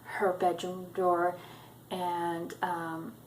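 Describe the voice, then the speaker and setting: In a rough recording with slight background noise, a woman recaps a book chapter for her viewers in an extremely slow, completely flat, low-pitched voice. She's casual and hesitant, her loose sentences peppered with ums and uhs.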